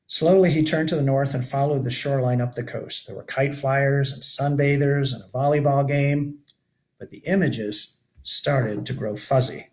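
A man, the author, reading his children's book aloud as an expressive storyteller with brief asides to listeners. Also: mid-range voice, normal speed.

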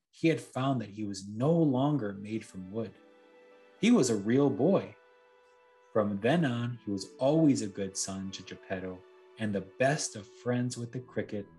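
A man gently reading a bedtime story aloud to children as a storyteller. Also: mid-range voice.

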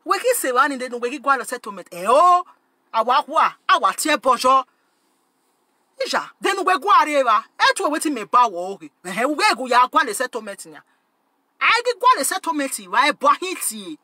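A woman's voice: sits high, very animated, a little fast, sharp tone, no echo, clean studio sound. A woman hosting her channel, talking emphatically and switching between Pidgin English and Yoruba, repeating phrases for force. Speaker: channel host. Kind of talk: animated direct-to-camera rant.

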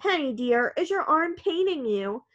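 A woman's voice: high-pitched, big pitch swings, unhurried, fairly bright tone, dull audio, pitched above the performer's own voice, exaggerated voice. A woman voicing a fussy, bustling older grandmother in a storybook reading. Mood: fussing. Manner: fussing, bossy.

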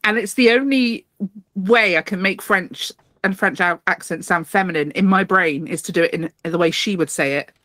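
A woman's voice: on the low side, normal speed, a bit bright, dry recording. Chatty woman, dry close sound. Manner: chatty, laughs often, trails off mid-sentence. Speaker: podcast co-host. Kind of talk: casual chat.

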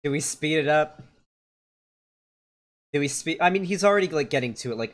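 A man's voice: medium pitch, expressive, fast. A young adult man streaming live, giving casual, rambling reaction commentary full of fillers and restarts.

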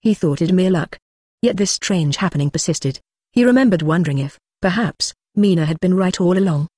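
A synthetic-sounding audiobook narrator reading a fantasy novel in an even, steady way. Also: mid-range voice, brisk, no echo. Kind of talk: scripted narration.

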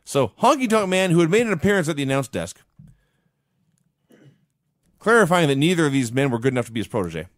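A man with a fairly high, very lively voice walks through an old wrestling broadcast in casual podcast chat. His delivery is wry and animated. The sound is dry and close to the mic. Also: fast, pauses often, dry recording. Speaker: podcast co-host.

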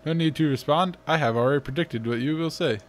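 A man voicing a calm, formal, self-aware female robot, reading game dialogue aloud in a flat robotic delivery. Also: a little high, quick pace, slight background noise, natural voice.

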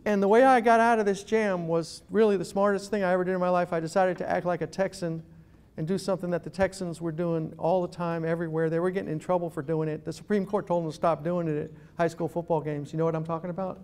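High-voiced New man telling stories. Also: quick pace, smooth. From New York City. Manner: animated storytelling, self-deprecating. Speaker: guest speaker. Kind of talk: humorous public talk. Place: event room.

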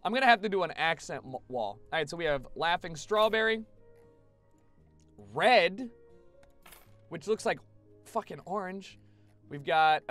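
Young male streamer, lively sing-song delivery, slightly high, casual and profane, faint music bed. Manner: animated, chatty, swears freely. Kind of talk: casual gameplay commentary to a live chat.

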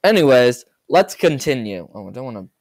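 A gaming YouTuber reacts casually to videos from a room at home, sounding nervous, stammering and repeating himself. His voice is medium-pitched with big swings in pitch, and he talks briskly. The recording is very noisy and roomy, picked up from a distance on a laptop or earbud mic.

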